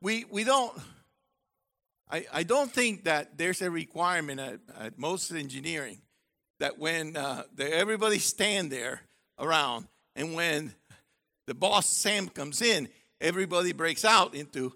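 A man preaching a sermon in an animated, joking way, acting out little voices as he goes. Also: on the high side, measured pace, vocal fry. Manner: animated, jokey, acts out voices. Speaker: university professor.

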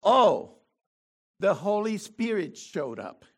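A man preaching a sermon, reading scripture slowly and then breaking into loud, animated exclamations. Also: high-pitched.

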